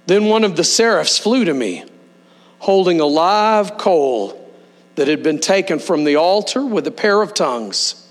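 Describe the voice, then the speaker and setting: A man pastor delivering a sermon, leading the congregation in slow, emphatic call-and-response. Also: high-pitched, animated. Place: church sanctuary. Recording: long hall reverb with mains hum.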